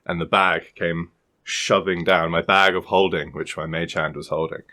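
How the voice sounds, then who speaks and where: A man's voice: low voice, steady tone, normal speed, sharp tone. A man co-hosting a podcast, telling a rambling story in casual chat, swearing freely and laughing often. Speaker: podcast co-host.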